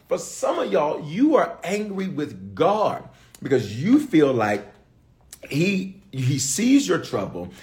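A middle-aged man preaches, his voice sitting a little high and swinging widely in pitch. He teases and challenges his listeners, calling for responses between points. The delivery is animated and conversational from the pulpit. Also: creaky. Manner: animated, call-and-response preaching with playful asides. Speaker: bishop, preacher. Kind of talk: sermon.

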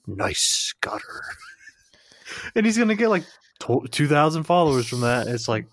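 A man's voice: fairly high pitch, big pitch swings, brisk, no room sound. A young man co-hosting a podcast in casual chat, sarcastic and profane. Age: young adult. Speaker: podcast co-host.

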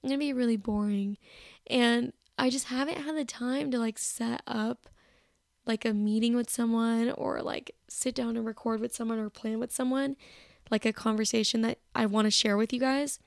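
A young woman in her twenties talks on her own for a podcast, rambling and chatty, often critical of herself. Her voice sits a bit high with plenty of vocal fry. The recording is close and dry, made from her bed. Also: steady tone, normal speed, no echo. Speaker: podcast host. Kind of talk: casual solo chat. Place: bedroom, sitting on her bed. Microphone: personal mic.

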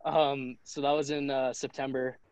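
A man's voice: mid-range voice, level tone, normal speed, a little mellow, clean tone, dry recording. A young man, a college hockey goalie guesting on a podcast, telling stories in a rambling way, full of fillers and acted-out quotes. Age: young adult. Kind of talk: casual storytelling chat.

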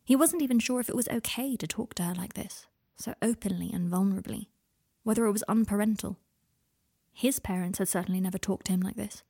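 Woman author reading her fiction aloud, hushed, unhurried, gravelly, breathy. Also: mid-range voice. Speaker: author and reader. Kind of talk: audiobook narration of her own fiction.

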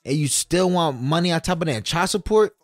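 A man's voice: a little high, animated, a little fast, no room sound, clean studio sound. A man guest on a casual podcast chat, laid-back and slangy.

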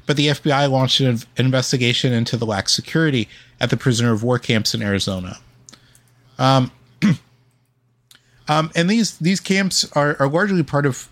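A man co-hosting a casual history podcast, reading from his notes with frequent ums and uhs. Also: mid-range voice. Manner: reads facts with many ums and uhs. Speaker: podcast co-host.

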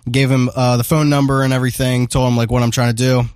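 A man's voice: mid-range voice, flat delivery, quick pace, a little mellow, smooth, dry recording, studio quality. A man hosting a podcast, telling a rambling, profane story in casual chat. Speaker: podcast host.

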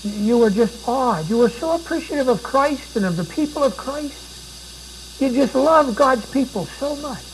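A man's voice: very high voice, expressive, normal speed, slight background noise, low-quality recording. A man preaching a sermon, dramatic and pleading, with repeated rhetorical questions.

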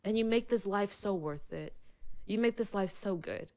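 Fervent woman, casual faith chat, emotional, hushed quoted lines. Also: medium pitch, moderate pace. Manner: fervent, emotional, acts out God's words softly.

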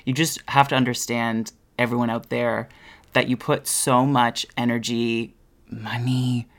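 Podcast co-host, mid pitch, chatty and teasing, easygoing. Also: measured pace. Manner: relaxed, chatty, playful teasing. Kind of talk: casual chat.

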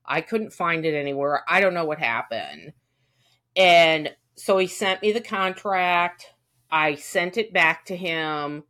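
Low-voiced woman venting in casual chat. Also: takes it slowly, a bit bright. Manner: venting, profane, acts out quotes. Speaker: podcast co-host.

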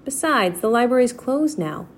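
A woman's voice: a little high, animated, moderate pace, slight background noise, voice pushed up, natural voice. A woman voicing a cautious, skeptical eight-year-old boy in a read-aloud story, sounding worried and exasperated.

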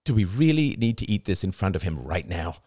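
A man's voice: deep voice, big pitch swings, brisk, dark tone, husky, dry recording, studio quality, heavily acted. A man voicing a frank, intense young father in an audiobook, blunt and exasperated.

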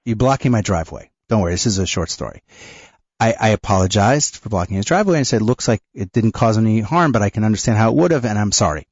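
A man co-hosting a radio talk show, telling a personal story in a halting way, with restarts and nervous laughs. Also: on the low side, lively intonation, a little mellow, dry recording, highs cut off. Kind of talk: conversational storytelling.

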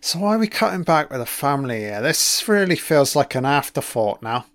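A man's voice: medium pitch, big pitch swings, a little fast, a bit bright, no room sound. A man giving a casual first-watch film commentary, reacting with profane, sarcastic remarks.

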